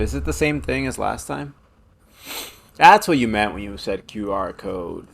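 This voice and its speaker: A man's voice: lowish voice, animated, unhurried, vocal fry, long pauses. A man streaming a game live, chatting playfully and laughing as he stumbles over tongue twisters. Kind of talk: live gameplay commentary.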